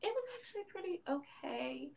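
A woman's voice: sits high, big pitch swings, moderate pace, creaky, low-quality recording. A woman co-hosting a casual chat, blunt and swearing freely. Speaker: podcast co-host.

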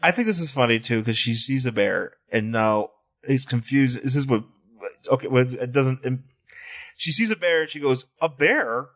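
A man co-hosting a casual chat about a comic, talking in an animated way, laughing often, swearing and acting out the characters in quick bursts. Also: medium pitch. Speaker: podcast co-host.

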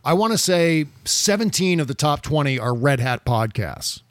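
Chatty, profane podcast co-host, dry close sound. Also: male voice, fairly high pitch, lively intonation, no room sound. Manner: chatty, profane, quick laughs. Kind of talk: casual political chat.

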